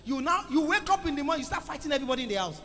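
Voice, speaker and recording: A man preaching a sermon to a congregation, calling for responses and swinging between loud exclamations and quiet asides. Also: very high voice, very animated, rapid-fire. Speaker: pastor. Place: church hall. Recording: echoey church hall with music.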